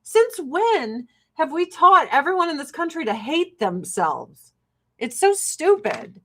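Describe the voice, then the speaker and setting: Animated, profane American woman on livestream. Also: sits high, takes it slowly. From United States. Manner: blunt and profane, laughing often. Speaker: livestream host selling skincare. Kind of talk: casual livestream rant.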